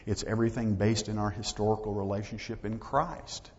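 Male pastor, low voice, conversational sermon delivery, lo-fi recording with long reverb. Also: steady tone, brisk, a little mellow. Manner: conversational preaching with acted-out dialogue. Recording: dull lo-fi audio with long hall reverb.

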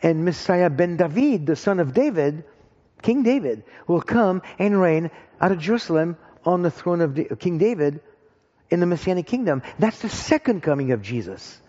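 A man speaking as a guest in a church, telling an animated, excited story and then praying. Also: high voice, normal speed. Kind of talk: testimony and prayer in church. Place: church hall. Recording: dull echoey hall sound.

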